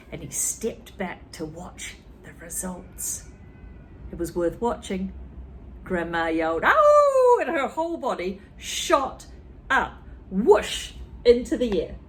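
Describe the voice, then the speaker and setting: A woman teacher reading a children's story to a class, with expressive delivery and asides to the listeners. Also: lowish voice, slight background noise. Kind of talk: children's story read-aloud.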